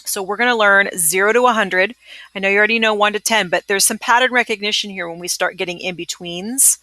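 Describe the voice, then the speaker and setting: A young adult woman recording a screencast pronunciation lesson as a Spanish teacher. She talks briskly and upbeat and keeps checking in with "okay?". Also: medium pitch, pushed and bright, dry recording. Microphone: computer mic, screencast.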